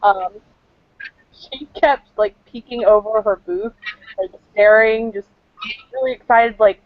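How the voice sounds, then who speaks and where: A woman's voice: fairly high pitch, unhurried, long pauses, dry recording. A chatty woman cosplayer talks through her answers, rambling a little and leaning on fillers. The sound is muffled and lo-fi, dry, with no room around it. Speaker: cosplayer guest. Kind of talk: casual interview answers. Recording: dull lo-fi dry recording.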